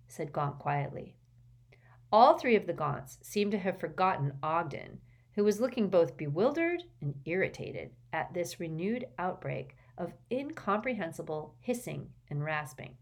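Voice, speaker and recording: A woman with a low voice narrates a novel. Her reading is measured and expressive. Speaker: audiobook narrator. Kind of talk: audiobook narration.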